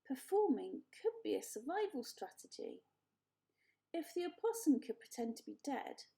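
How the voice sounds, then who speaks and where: High-voiced woman reading a story aloud. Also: gravelly. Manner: expressive, gentle storytelling. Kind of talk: children's book read-aloud.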